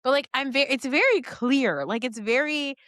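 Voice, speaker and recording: A middle-aged woman chatting as a podcast guest, telling lively family stories and acting out quoted lines. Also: high voice, moderate pace, no echo, clean studio sound. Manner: animated storytelling with quoted voices. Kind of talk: casual chat.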